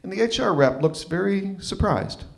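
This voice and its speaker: A man in his thirties telling a personal story at an open mic, animated and acting out what other people said. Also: high-pitched, normal speed, gravelly. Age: 30s. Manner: animated, acts out quoted voices. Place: live open mic venue.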